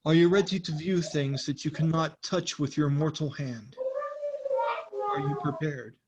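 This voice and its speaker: A gentle male angelic spirit speaks in a soft, unhurried tone, voiced by the game master. The delivery stays quiet and kind, with a faint hiss behind it. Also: mid-range voice, lightly acted.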